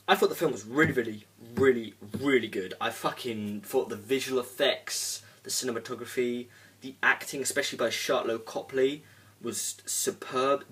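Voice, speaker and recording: Slightly distant from the microphone, a young movie reviewer talks in a fairly bright, middle-pitched voice. His casual spoken review wanders, stuffed with "um" and "like" and the odd swear word.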